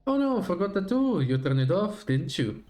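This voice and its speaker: Man as a cocky game agent, playful and teasing, a bit higher than his own voice. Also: very animated, moderate pace, darkish tone. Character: breezy young male church agent, teasing.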